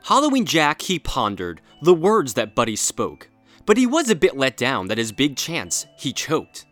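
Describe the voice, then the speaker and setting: Expressive man narrating a rhyming story. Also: medium pitch, normal speed, no echo, faint music behind. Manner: playful and expressive.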